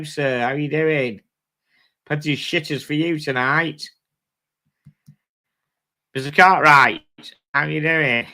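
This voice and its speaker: A man's voice: a little high, creaky, pushed and bright. A British man hosting a live stream, chatting casually with viewers in a blunt, sweary way. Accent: British English. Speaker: livestream host. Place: home streaming setup.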